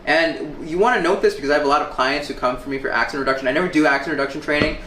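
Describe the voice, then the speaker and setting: A man's voice: on the high side, bright, forceful tone, roomy sound, a little hiss or hum, low-quality recording. A man, a public speaking coach, giving casual, conversational commentary on a client's speech. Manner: quick, conversational, with fillers and asides.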